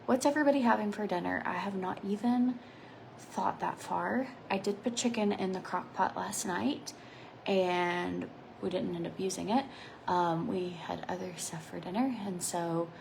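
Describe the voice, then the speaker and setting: A woman in her thirties talks casually while doing her makeup, wandering from topic to topic. She often lets her phrases trail off into a soft near-whisper. The close mic picks up a faint background hiss. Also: on the low side, gravelly, low-quality recording. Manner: rambling and chatty, drifting between asides. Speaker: makeup vlogger. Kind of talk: casual chatty makeup vlog.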